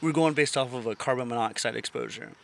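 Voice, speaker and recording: A man's voice: medium pitch, fast, gravelly, fairly bright tone. A man, a rescue training instructor, telling a story in casual chat, acting out quotes and laughing often.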